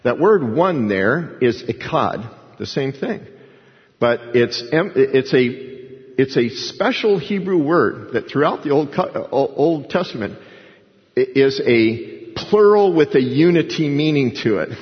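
A man's voice: medium pitch, lively intonation, measured pace. A man preaching a sermon as pastor, in a conversational, folksy way with frequent restarts and emphatic repeats. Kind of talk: expository sermon. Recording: long hall reverb, dull lo-fi sound.

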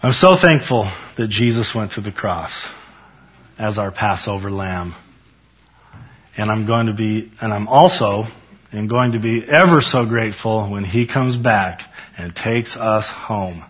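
A man teaching the Bible in a casual, earnest way, talking straight to his viewers and reading scripture slowly with rising emphasis. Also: on the low side, slightly rough, dull audio. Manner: earnest, fervent, addresses viewers as "you guys".

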